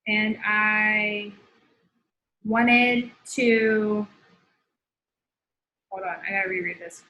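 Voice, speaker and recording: A woman's voice: medium pitch, fairly even intonation, very slow, bright, forceful tone, reverberant, rough recording. A young woman hosting a casual coaching talk, using slang and thinking aloud as she dictates a message while typing. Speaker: host coaching sellers. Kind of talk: casual instructional live talk.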